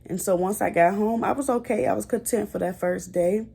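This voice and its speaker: A woman's voice: medium pitch, fairly quick, gravelly, dark tone, husky. A young woman vlogger telling her own story in a casual, chatty way, talking straight to her viewers and getting emotional at times. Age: young adult. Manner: chatty, addresses viewers as y'all.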